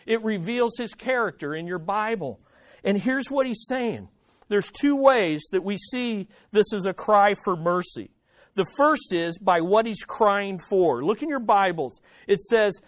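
A pastor preaching a sermon in an animated way, acting out desperate pleas. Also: medium pitch, measured pace, dry recording.

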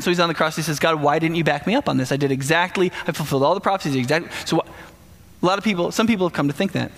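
A man delivers a sermon in a slightly high voice, talking to the congregation in an easy, conversational way that keeps turning animated. His words ring out with a long reverb, as if from a large hall. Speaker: preacher.

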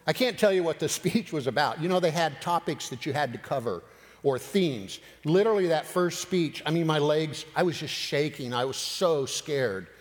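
A man preaching, telling a personal story with animated retelling of dialogue. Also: a little high, normal speed. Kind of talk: sermon storytelling. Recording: long hall reverb.

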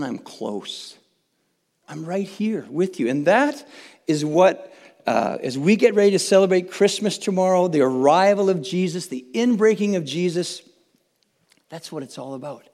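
A man's voice: high voice, expressive, normal speed, a little mellow. A man preaching a conversational sermon as pastor, earnest and chatty, often restarting and adding tag questions. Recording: long reverb from a large hall.

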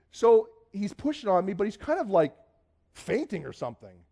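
Animated man telling a story. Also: sits high, normal speed, gravelly. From Canada. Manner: lively, acts out dialogue, frequent restarts and repeated words. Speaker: speaker giving a personal testimony.

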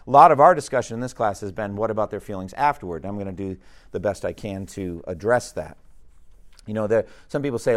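A man's voice: lowish voice, quick pace. Emphatic man teaching a Bible class. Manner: conversational, emphatic, poses questions to the class.

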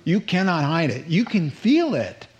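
A middle-aged man preaching a sermon as pastor, animated, with his pitch climbing on rhetorical questions and quotes acted out in character. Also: measured pace, lo-fi sound.

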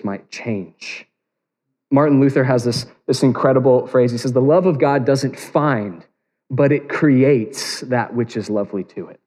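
A man's voice: medium pitch, a little mellow. Man preaching in a reverberant hall. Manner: earnest, building to emphatic peaks. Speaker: pastor. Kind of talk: sermon. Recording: long reverb of a large hall.

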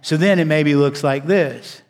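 Man preaching in a reverberant church hall. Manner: preaching with dramatic pauses, swings between loud emphasis and hushed low delivery. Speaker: pastor. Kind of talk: sermon.

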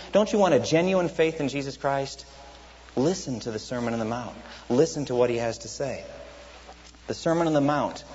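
Guy preaching in a big echoey church, muffled lo-fi sound, builds up loud then drops low. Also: slight background noise. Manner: builds rising emphatic repetitions, asks the congregation questions. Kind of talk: sermon. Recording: dull, reverberant hall recording.

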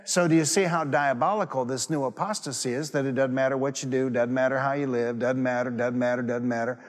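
A male pastor delivers a sermon in a church. His mid-pitched voice carries a long reverb from the big hall around him. He tells his stories with emphatic repetition. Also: steady tone, a little fast. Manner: storytelling, repeats phrases for emphasis.

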